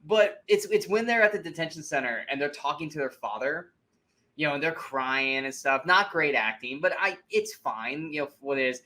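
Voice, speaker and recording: On a movie review podcast, this male co-host talks at a normal pace with a fairly high voice. His casual banter is lively and full of swearing, and he mocks scenes by acting them out in silly voices.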